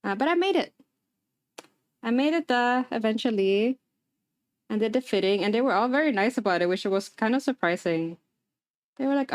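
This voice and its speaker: A woman streamer chatting through a story while building a paper craft, animated and quick to laugh. Her voice sits a bit high for a woman, and the sound is dry and close, with almost no room on it. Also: dry recording. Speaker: livestreamer. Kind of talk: casual storytelling chat. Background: talking while assembling a paper craft.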